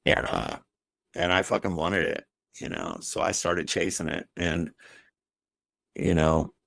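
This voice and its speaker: A man's voice: low-pitched, steady tone, a little slow, vocal fry, a bit bright, no room sound. A man as a podcast guest, telling his personal story in a raw, emotional way and swearing heavily.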